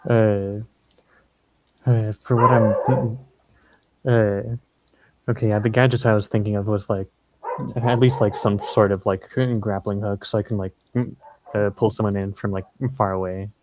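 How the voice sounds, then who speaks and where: Low, flat-voiced rambling player man. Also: measured pace, long pauses, noisy background. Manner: rambling, full of fillers. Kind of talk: casual table talk.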